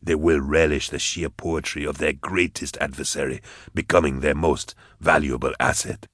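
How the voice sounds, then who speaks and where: A ruthless schemer speaks in a very deep, husky murmur, as a male reader voices him. Each line lands quietly and coldly, close to a dry mic. It sounds threatening without raising the voice. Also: steady tone, moderate pace, dry recording. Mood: menacing.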